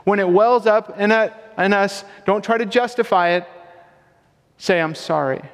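Conversational young pastor in a reverberant hall. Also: male voice, sits high, fairly even intonation, unhurried, clean tone. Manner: casual, conversational, self-deprecating humor. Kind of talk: sermon.

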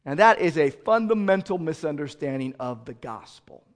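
A man preaching a sermon as pastor, swinging from loud outrage to quiet explanation. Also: fairly high pitch, expressive, moderate pace.

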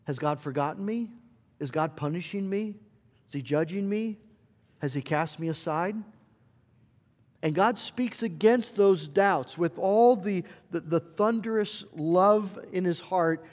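A man's voice: high voice, darkish tone, big-room sound. A man preaching a sermon as pastor, earnest, often repeating words as he searches for a phrase.

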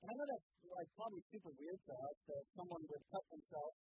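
A man preaching a sermon, reading scripture aloud and then explaining it in a relaxed, conversational way with fillers. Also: sits high, fast, highs cut off, slight background noise. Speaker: pastor.

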